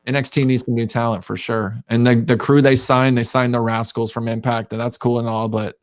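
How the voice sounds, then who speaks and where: A man's voice: medium pitch, flat delivery, fairly quick, no echo, studio quality. A man hosting a casual wrestling podcast, talking bluntly with strong opinions and casual swearing. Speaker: podcast host. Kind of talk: casual chat.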